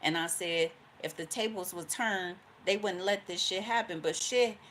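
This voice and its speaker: A woman with a notably low voice gives a casual tarot reading, swearing freely and spinning the cards into stories. She slips into the voices of the people she describes and laughs along the way. There is a faint hiss of noise under her voice. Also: normal speed, fairly bright tone. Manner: profane, storytelling, acts out quoted voices, laughs often. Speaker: tarot card reader.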